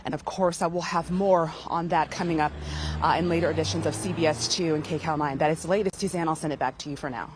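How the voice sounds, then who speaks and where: A woman field reporter giving a live news report outdoors on a residential street, halting with many fillers. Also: deep voice, fairly even intonation, background noise.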